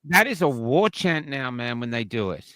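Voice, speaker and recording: A man's voice: medium pitch, very animated, normal speed, bright, forceful tone, no echo. An Australian man hosting a casual online panel chat, opinionated and rambling with frequent restarts. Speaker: livestream host.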